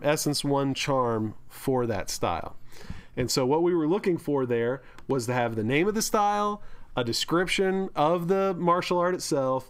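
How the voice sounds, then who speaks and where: A man's voice: a little high, smooth. A man hosting a tabletop gaming podcast, upbeat and encouraging as he steers the chat to the next segment. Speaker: podcast host. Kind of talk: casual chat.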